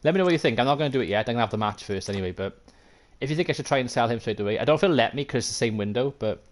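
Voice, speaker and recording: A Welsh streamer races through his words in a mid-range voice with lively intonation. He chats with viewers and thinks aloud during a live football management game, casual and quick to mock himself.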